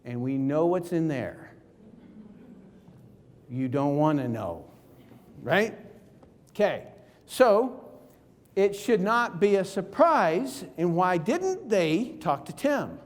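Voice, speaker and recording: A man with a notably high, animated voice delivers a seminar talk from the stage. He hammers his points home with emphatic rhetorical questions, and a long reverb from the big hall trails each line. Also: slow pace, pauses often. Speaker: keynote speaker.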